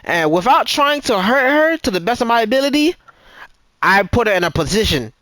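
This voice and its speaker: A young man with a high voice that swoops up and down tells a story over a gaming mic. His talk is casual and profane, full of restarts and repeats, and the sound is close and dry. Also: big pitch swings, fairly quick, fairly bright tone, dry recording, low-quality recording. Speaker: gamer telling a story in voice chat.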